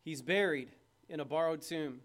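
Man, high voice, sermon, conversational, loud then hushed, questions to the pews. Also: normal speed. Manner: conversational preaching, swings from loud emphasis to hushed; asks the congregation questions. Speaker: preacher.

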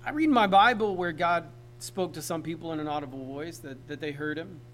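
A man's voice: on the high side, fairly quick, fairly bright tone, slight background noise, rough recording. A man preaching a sermon in a casual, conversational way, often asking the congregation questions. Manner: conversational, talks straight to the congregation. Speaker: pastor.

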